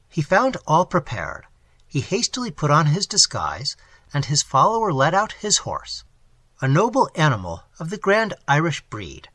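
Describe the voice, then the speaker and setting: Male audiobook narrator, bright, husky, dry close read, very animated pitch. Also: no echo. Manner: expressive, measured storytelling. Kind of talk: audiobook narration of a classic novel.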